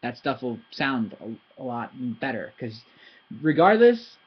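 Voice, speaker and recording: A man who speaks English natively, teaching Thai pronunciation in a casual video lesson, talking in an animated, chatty way and slowly spelling out syllables. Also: medium pitch, slightly rough. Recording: slightly dull lo-fi recording.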